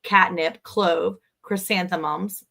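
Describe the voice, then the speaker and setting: A woman's voice: fairly low pitch, steady tone, slow, creaky, a bit bright. A woman co-hosting a casual livestream chat, talking freely and greeting viewers by name. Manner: chatty, reads out viewer comments. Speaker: livestream co-host.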